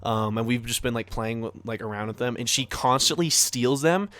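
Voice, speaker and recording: A man's voice: medium pitch, moderate pace, fairly bright tone, no room sound. Rambling young man telling a story. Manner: rambling, profane, lots of fillers and acted-out quotes. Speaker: podcast co-host. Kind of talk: casual storytelling among friends.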